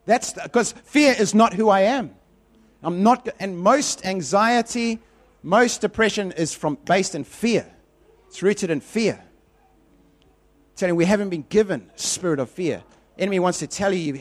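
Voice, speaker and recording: A man's voice: high-pitched, lively intonation, moderate pace. A man preaching a sermon in a conversational, repetitive way, telling personal stories with animation.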